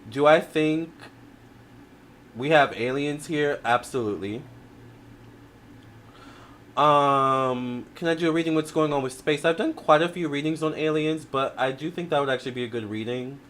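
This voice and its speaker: A man hosting a livestream as a tarot reader, chatting casually and reading out viewer comments, talking expressively with lots of fillers and quick restarts. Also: fairly high pitch, fairly bright tone, a little hiss or hum. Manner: addresses viewers directly with frequent "all right?".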